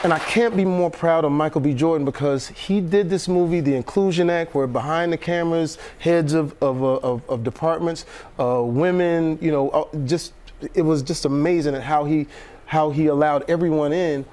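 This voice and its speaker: Man guest from Texas, slightly high voice, lively storyteller who laughs and restarts a lot. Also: normal speed. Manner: animated storyteller, laughs often, many restarts. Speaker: actor guest. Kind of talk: casual chat on a morning TV show.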